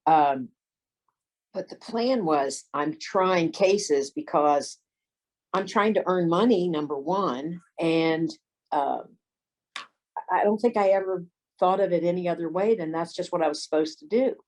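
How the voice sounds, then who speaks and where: Older woman, low-pitched, relaxed raconteur recounting legal career stories. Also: measured pace, low-quality recording. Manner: folksy anecdotes, acts out quoted voices. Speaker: lawyer and former detective. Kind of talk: storytelling interview.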